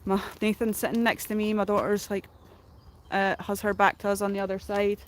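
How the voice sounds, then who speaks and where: A woman's voice: medium pitch, flat delivery, fairly quick. A middle-aged woman, casually retelling a story on a livestream in a rambling way full of fillers, likes and ums. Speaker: streamer.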